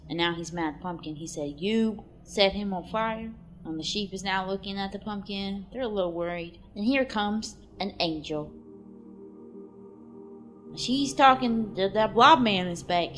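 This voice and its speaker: A woman giving casual, crude comic play-by-play narration of a cartoon, offhand at times and breaking into excited exclamations. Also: on the low side.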